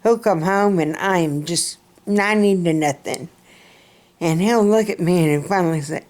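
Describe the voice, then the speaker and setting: A woman's voice: on the low side, moderate pace, darkish tone. A middle-aged woman from central Alabama with a Southern accent, rambling folksily in a casual vlog chat and laughing often. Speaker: vlogger.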